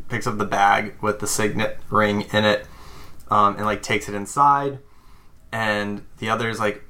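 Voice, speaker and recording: A man running a tabletop role-playing game, describing scenes in a halting, rambling way. His voice sits low but sounds bright and forward. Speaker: game master.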